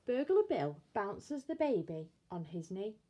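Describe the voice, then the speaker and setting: A woman reading a bedtime story aloud, taking her time over every phrase. Her voice rises and falls expressively in a warm read-aloud manner, while her pitch stays mid-range. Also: big pitch swings, a little slow.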